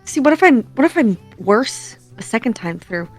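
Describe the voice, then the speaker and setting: A woman's voice: a little high, big pitch swings, normal speed, slightly rough, soft background music. Self-deprecating woman player. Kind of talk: casual chat at a tabletop game.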